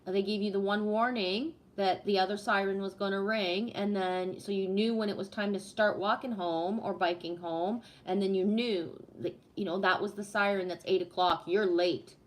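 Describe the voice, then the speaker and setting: A middle-aged woman from Canada chatting casually on a livestream, telling stories in an animated way with a lot of swearing. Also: medium pitch, moderate pace, hardly any pauses. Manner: animated storytelling with heavy swearing. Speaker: livestream host.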